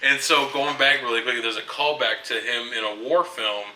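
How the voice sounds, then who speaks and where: Bright-voiced man retelling movie scenes. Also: medium pitch, steady tone, moderate pace, a little hiss or hum. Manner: chuckles often while retelling scenes. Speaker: co-host movie reviewer. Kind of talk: casual movie review chat. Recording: roomy and distant, with music behind.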